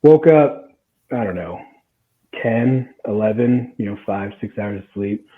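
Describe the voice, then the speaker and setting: A man's voice: lowish voice, unhurried. Laughing young man on a tinny line. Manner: animated, laughing, acts out quotes. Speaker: guest storyteller. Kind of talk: casual podcast storytelling. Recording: tinny phone-like sound.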